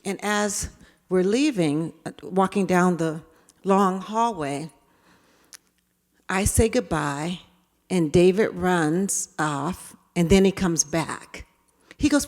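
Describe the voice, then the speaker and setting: A middle-aged woman giving an animated storytelling talk on bias to an audience. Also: lowish voice, slow, pauses often, in a large hall. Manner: animated, acts out quotes. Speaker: speaker on implicit bias.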